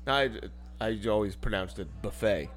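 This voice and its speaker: A man as a guest in a casual chat, easygoing and quick to laugh, sometimes hesitant. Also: fairly low pitch, soft background music. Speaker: podcast guest.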